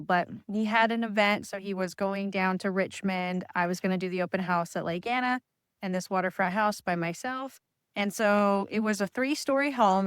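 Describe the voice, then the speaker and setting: A woman, a real estate agent, telling an embarrassing story in a casual, animated, self-deprecating way. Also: medium pitch, clean tone, no echo, clean studio sound.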